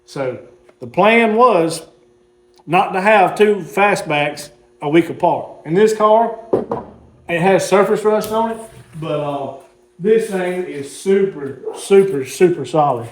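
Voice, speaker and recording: A man's voice: high voice, expressive, takes it slowly. A man, casually telling a rambling story while showing his car collection. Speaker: car hobbyist host.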